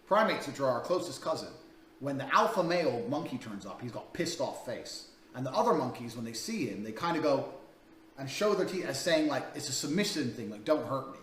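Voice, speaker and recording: A man's voice: medium pitch, very animated, brisk, a bit bright, slight background noise. Blunt profane man in an echoey room. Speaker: dating coach. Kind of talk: coaching monologue for a paid course. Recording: echoey room, distant mic, faint ambience.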